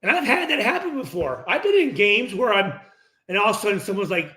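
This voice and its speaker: A middle-aged man hosting a post-game reaction stream, ranting bluntly and profanely, acting out locker-room exchanges in quick voices. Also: high voice, sing-song, sharp tone, echoey room. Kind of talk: casual, profane livestream rant.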